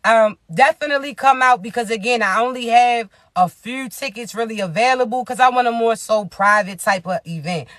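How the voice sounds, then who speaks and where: A woman who works as a spiritual advisor, giving a casual, animated pep talk full of slang, preaching at times and often laughing. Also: mid-range voice, dry recording, clean studio sound.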